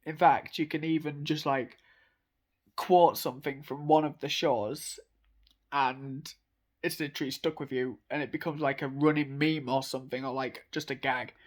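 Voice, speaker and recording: A man's voice: on the high side, fairly even intonation, moderate pace. A young man talking casually and with enthusiasm, rambling with lots of fillers and little laughs. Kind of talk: casual monologue.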